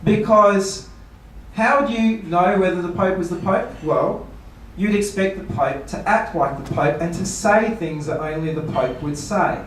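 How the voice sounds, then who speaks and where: Man preaching a seminar talk in a big echoey hall, mic set well back, fairly high voice. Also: unhurried, slight background noise. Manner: rhetorical questions, playful mock quotes. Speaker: pastor. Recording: echoey room, voice from far off.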